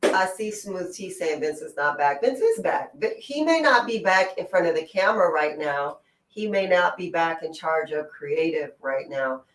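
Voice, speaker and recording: A co-host in a casual wrestling chat, emphatic and reacting quickly. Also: mid-range voice, animated, a bit bright, recorded from a distance. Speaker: podcast co-host. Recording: echoey room, off-mic.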